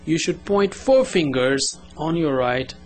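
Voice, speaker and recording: Man teaching slowly over soft music. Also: fairly high pitch, very animated. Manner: slow, repetitive drilling with pauses for repetition. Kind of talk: step-by-step language lesson.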